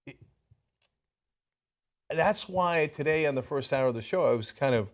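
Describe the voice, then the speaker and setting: A man hosting a political talk show, giving animated and worked-up commentary. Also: medium pitch, moderate pace.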